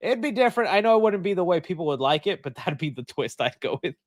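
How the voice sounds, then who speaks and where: A man hosts a live chat stream and answers viewer questions as they come in. His voice sits a little high and swings widely in pitch, in a chatty, thinking-out-loud way. The sound is dry and close, with no room echo. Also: big pitch swings, fast talker. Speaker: host.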